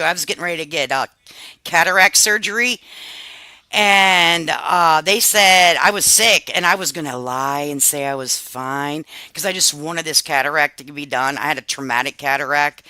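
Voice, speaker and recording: A woman in her fifties hosting a live stream, chatting casually with her viewers in an animated, confiding way and swearing freely. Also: low voice, no room sound. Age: 50s.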